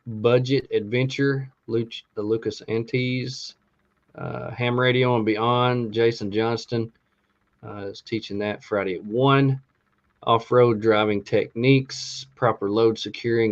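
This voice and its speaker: A man co-hosting a podcast, casually reading through a list of classes with many ums and uhs. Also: on the low side. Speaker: podcast co-host. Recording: dull lo-fi sound.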